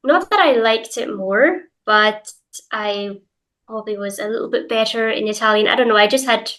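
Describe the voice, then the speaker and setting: Glaswegian lady chatting away, bit high pitched, lots of um and like. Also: moderate pace, fairly bright tone, low-quality recording. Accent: Glaswegian Scottish. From Scotland, Glasgow. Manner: chatty, many fillers and hedges. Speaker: guest, English teacher. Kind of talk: casual interview chat.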